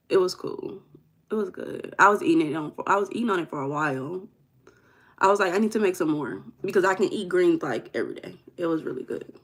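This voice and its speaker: Chatty Midwestern woman hosting a livestream. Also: on the low side. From Midwest, United States. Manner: chatty, playful, teasing, calls out names from the chat. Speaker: live stream host. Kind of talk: casual livestream chat, reading the chat aloud. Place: home room.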